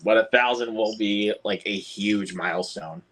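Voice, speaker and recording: A young man with an American accent chats casually on a movie livestream. His voice sits fairly low. He rambles and restarts his sentences often. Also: normal speed, a bit bright. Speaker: livestream co-host, film reviewer.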